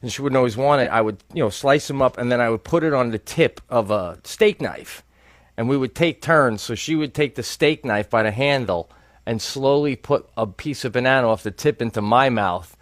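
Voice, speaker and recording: Animated middle-aged man telling stories. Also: medium pitch, moderate pace, no room sound, clean studio sound. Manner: animated storyteller, casual swearing. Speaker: podcast co-host. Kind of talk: casual comedic chat.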